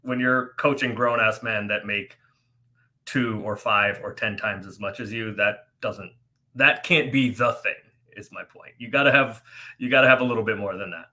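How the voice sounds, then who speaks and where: A man co-hosting a casual sports podcast, blunt and quick to push back. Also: on the low side, pushed and bright. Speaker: podcast co-host. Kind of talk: casual chat.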